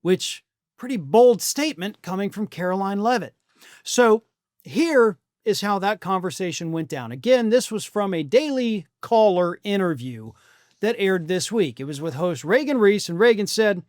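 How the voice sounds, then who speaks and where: A man's voice: sits high, animated, moderate pace, dry recording, clean studio sound. A middle-aged man hosting a political commentary show, talking bluntly and sarcastically, with the odd swear word. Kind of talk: opinion commentary monologue.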